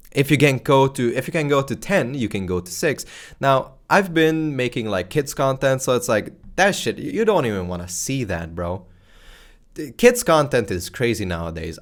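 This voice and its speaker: A man teaching video creators in a loud, playful, deliberately exaggerated way, speaking close to a microphone. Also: mid-range voice. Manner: animated and casual, slangy, exaggerated excitement. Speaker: YouTube creator teaching strategy. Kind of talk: energetic talking-head lesson. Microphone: close microphone facing camera.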